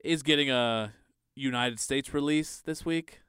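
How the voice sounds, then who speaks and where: Casual male podcast co-host, smooth clear voice, dry close sound, rambling delivery. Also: mid-range voice, a little slow, a bit bright, no echo. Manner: loose and rambling, heavy on fillers.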